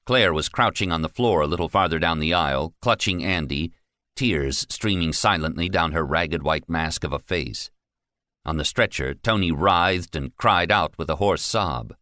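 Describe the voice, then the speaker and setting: A man narrating a science fiction audiobook with an animated, dramatic delivery. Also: low-pitched, normal speed, no echo, clean studio sound. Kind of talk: scripted narration.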